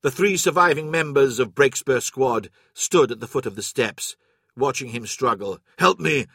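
A man narrating a story, reading a script in a measured, steady manner. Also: medium pitch, slightly rough, dry recording, studio quality. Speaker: audiobook narrator.

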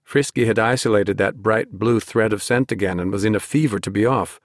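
Low-voiced male audiobook narrator. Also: no echo, clean studio sound. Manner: measured storytelling. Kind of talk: scripted narration.

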